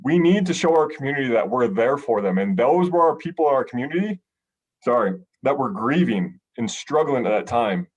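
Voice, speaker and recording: A middle-aged American police sergeant telling a personal story in a podcast conversation, earnest and emotional, with frequent ums and restarts. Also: male voice, medium pitch, lively intonation, a little fast, slightly rough. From United States.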